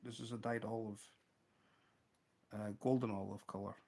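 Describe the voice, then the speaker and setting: A man with a Scottish accent hosting a casual livestream, showing fly-tying materials and telling an animated story, laughing often. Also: lowish voice, normal speed, creaky, husky. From Scotland. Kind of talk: casual livestream chat and anecdote.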